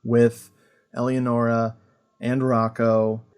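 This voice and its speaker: A man hosting a podcast, chatting casually about an old film, animated and full of fillers and laughter. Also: medium pitch, takes it slowly, smooth. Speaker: podcast host. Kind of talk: casual film review chat.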